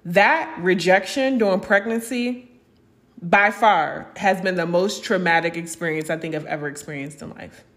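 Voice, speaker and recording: A woman's voice: fairly low pitch, moderate pace, a bit bright. A young adult woman hosting a podcast, talking frankly and with feeling about her own life, swearing freely and acting out what other people said to her. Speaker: podcast host. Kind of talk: candid spiritual podcast monologue.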